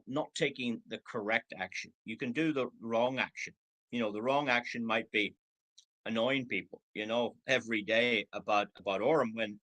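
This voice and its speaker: Bright-voiced man in his sixties coaching. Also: mid-range voice, rough recording. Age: 60s. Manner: acts out prospects' replies in quoted voices. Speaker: network marketing trainer. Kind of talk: motivational training talk. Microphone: video call.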